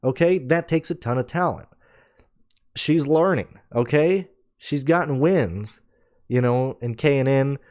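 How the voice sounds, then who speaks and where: A man hosting a casual podcast, ranting in a blunt, profane, animated way. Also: medium pitch, unhurried. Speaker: podcast host.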